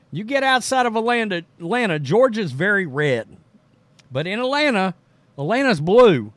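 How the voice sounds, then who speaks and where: A man's voice: sits high, fairly bright tone, no room sound. A man from Texas hosting a political commentary show, talking casually with sarcastic, mocking asides.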